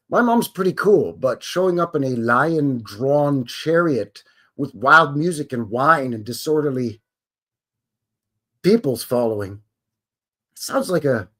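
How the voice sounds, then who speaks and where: Wry man with a lively, bouncing voice. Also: fairly high pitch, takes it slowly, long pauses. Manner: wry, sarcastic asides to viewers; stumbles and restarts while reading. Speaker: live-stream host. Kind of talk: casual live-stream chat, reading aloud and commenting.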